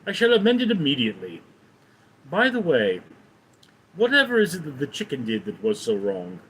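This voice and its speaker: A man's voice: a little high, wildly swooping pitch, normal speed, fairly bright tone, a little hiss or hum, rough recording. A man voicing a prim, overly polite talking parrot with a stiff, formal way of speaking. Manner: formal, stiffly courteous speech.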